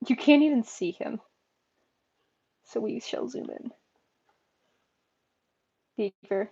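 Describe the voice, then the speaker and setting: A woman's voice: fairly high pitch, slow pace, vocal fry, long pauses, dark tone, husky. A woman chatting casually on a live stream at home, playfully talking to her pets. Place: home room. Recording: dull lo-fi stream audio.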